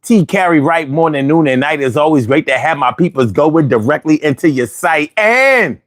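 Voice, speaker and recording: High, lively-voiced male livestream host. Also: moderate pace. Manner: slangy, repeats phrases, asks the audience rhetorical questions. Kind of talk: casual livestream talk to chat viewers.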